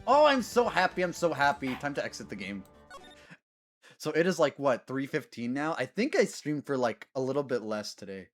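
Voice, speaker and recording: A man streaming a game, chatting casually with his viewers in a giggly, animated way. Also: mid-range voice, moderate pace, soft background music. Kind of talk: casual gaming stream chat.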